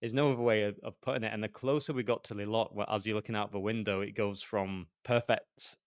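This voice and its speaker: A man's voice: fairly low pitch, fairly even intonation, fast, dry recording, clean studio sound. A man co-hosting a podcast, chatting enthusiastically as he tells a travel story, with many "you know" fillers. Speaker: podcast co-host. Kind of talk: casual chat.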